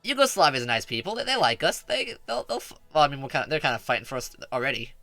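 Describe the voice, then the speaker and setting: A man's voice: medium pitch, big pitch swings, fast, pushed and bright, no room sound, soft background music. A man streaming a strategy game, giving playful, rambling commentary that stumbles over restarts.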